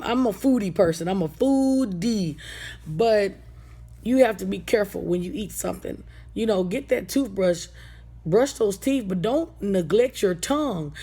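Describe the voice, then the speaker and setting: A woman's voice: mid-range voice, warm tone, breathy edge. A woman hosting a radio talk segment, talking bluntly and sassily in a casual monologue. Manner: blunt, sassy, colloquial.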